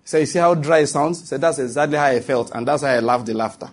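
Man, preacher, sermon, husky breathy voice, mid pitch, emphatic, repeats his points. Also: fast talker. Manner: emphatic and repetitive, with asides to the listeners. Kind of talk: sermon to a congregation.

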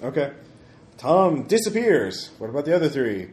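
Male game master, halting narrator, echoey room recording. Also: a little high, big pitch swings, a little mellow. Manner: halting, with many ums and uhs. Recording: echoey room with faint noise.

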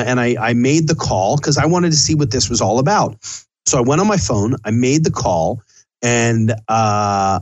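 A middle-aged man rambles through a casual podcast monologue in a loose, chatty way. His voice sits at an ordinary pitch and sounds dry and close, with no room around it. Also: no echo. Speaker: podcast host and chef.

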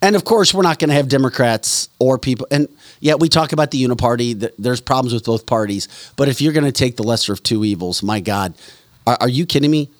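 An indignant man hosting a political talk show, hammering his points and repeating phrases for emphasis. His voice sits at an ordinary male pitch, and the sound is close and dry with no room around it. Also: fast, no room sound. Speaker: show host.

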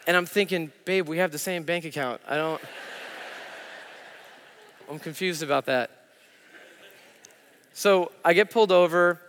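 A man's voice: fairly high pitch, a little slow, pauses often, a bit bright, a little hiss or hum. A man preaching a sermon as pastor, telling a self-deprecating story from his own life. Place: church. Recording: church hall reverb.

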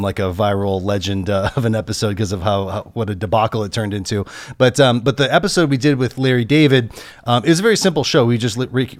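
A man's voice: on the low side, dry recording. Man telling a story in a dry close sound. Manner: halting, chuckles through the story. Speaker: camera operator guest. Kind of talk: casual anecdote telling.

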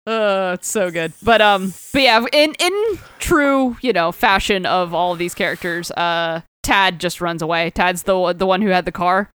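A woman's voice: lowish voice, measured pace, few pauses, fairly bright tone, clear, resonant tone. A woman co-hosting a casual podcast, recapping a comic with frequent laughter and acting out characters' lines. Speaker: podcast co-host.

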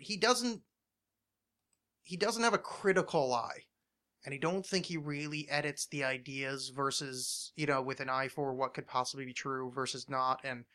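A man's voice: mid-range voice, bright, forceful tone. A man hosting a casual podcast, ranting with lots of swearing and restarts. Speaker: podcast host.

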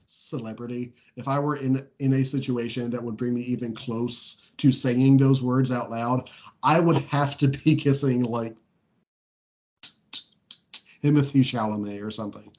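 A man's voice: mid-range voice, steady tone, a little slow, darkish tone. A man co-hosting a podcast, talking casually and rambling with many fillers and frequent laughs. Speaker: podcast co-host. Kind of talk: casual chat.

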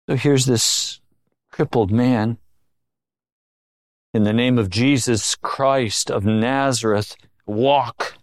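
A middle-aged male pastor preaching a sermon, swinging between low intimate tones and raised emphatic lines. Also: no echo, studio quality.

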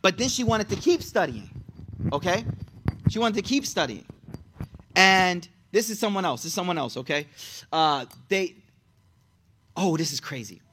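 A young man giving a casual, animated sermon to young people, telling stories in slang and acting out the people in them. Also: high voice, normal speed, pauses often, slight background noise. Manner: animated, slangy, storytelling with quoted voices. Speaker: religious teacher.

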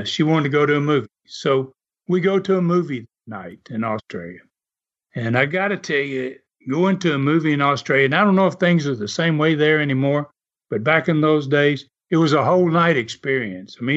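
Speaking with a Southern drawl, this older former wrestler is animated and a little fast, his pitch fairly high. He tells his stories loosely, with chuckles and lots of "uh." The recording is lo-fi and dull.

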